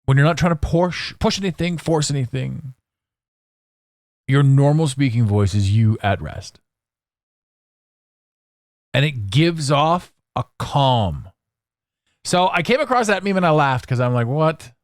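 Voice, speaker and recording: A man's voice: mid-range voice, animated, unhurried, pauses often, no room sound, clean studio sound. A man hosting a podcast, talking in a candid, meandering monologue with casual swearing and frequent restarts. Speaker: podcast host.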